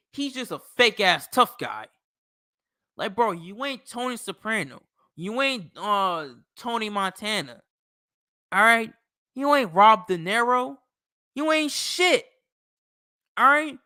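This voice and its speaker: A man's voice: very high voice, bright, forceful tone, dry recording, studio quality. A man hosting sports talk, ranting heatedly with profane trash talk.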